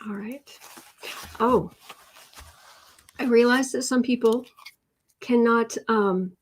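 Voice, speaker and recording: A woman's voice: on the high side, slow. A woman chatting casually on her live stream at home, laughing often and cooing at her cat.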